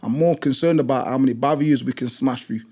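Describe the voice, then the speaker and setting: A man's voice: medium pitch, quick pace, warm tone, breathy edge. A British man who works as a gym instructor, telling stories in an emphatic, blunt way, repeating phrases for force. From Britain. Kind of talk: passionate storytelling in conversation.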